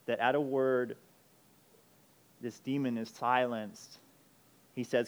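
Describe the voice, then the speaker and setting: A man preaching a sermon, emphatic, moving between urgent loud passages and quiet intense ones. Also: medium pitch, fairly even intonation, a little slow, pauses often. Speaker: pastor.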